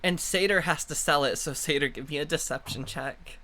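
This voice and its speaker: A man acting as game master of a tabletop role-playing session, relaxed and accommodating as he calls for checks. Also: a little high, normal speed.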